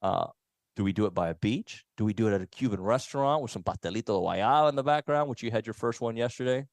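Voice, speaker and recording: A man hosts a live sports radio show in an easygoing, chatty way, reading out listener texts and ad copy. His voice sits low. The studio sound is dry and close. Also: lively intonation, quick pace, no echo. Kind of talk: casual sports radio chat.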